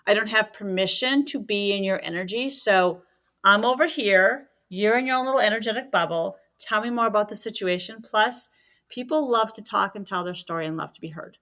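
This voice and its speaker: A woman's voice: medium pitch, brisk, bright, forceful tone. A middle-aged woman talking as a podcast guest, a medium and healer who chats casually and acts out quoted dialogue as she tells stories.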